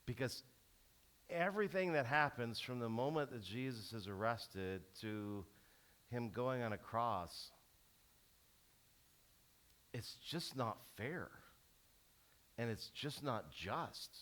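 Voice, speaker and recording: Man, middle-aged, pastor, animated sermon, restarts a lot, bright voice. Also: medium pitch, slow, pauses often. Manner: animated storytelling with many restarts.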